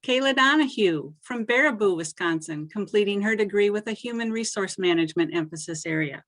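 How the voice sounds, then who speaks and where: A woman presenting graduates at a ceremony, reading each name in a measured way that lifts on the name and drops at the end. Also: medium pitch, lively intonation, fairly bright tone.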